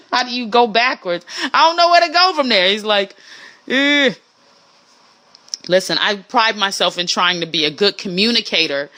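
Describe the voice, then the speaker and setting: A woman hosting a casual solo monologue in an animated way, swinging her pitch for emphasis and mimicking the people she talks about. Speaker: podcast host.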